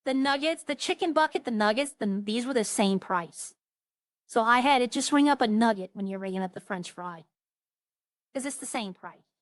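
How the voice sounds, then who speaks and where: A woman's voice: on the high side, no echo. A woman chatting casually on a roleplay stream, rambling through funny stories and imitating the people she quotes.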